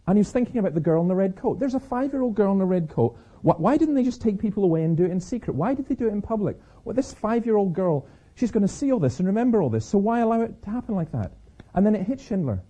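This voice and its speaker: Dark husky-voiced man telling stories. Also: high voice, animated, fast, muffled recording. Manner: storytelling, frequent restarts and repeated words. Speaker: Christian speaker. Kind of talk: public talk with personal stories.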